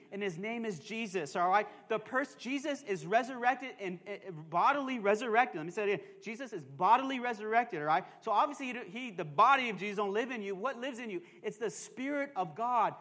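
Male pastor, sermon, very high pitch, chatty and emphatic with calls to the crowd, long church reverb. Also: fairly bright tone. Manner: emphatic preaching with call-and-response asides; joking, conversational asides. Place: church sanctuary.

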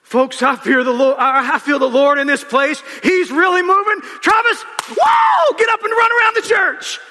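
A man voicing a small, tough old woman preacher who exhorts loudly in revival style. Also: very high voice, lively intonation, moderate pace, in a large hall, pitched above the performer's own voice, heavily acted. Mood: fervent.

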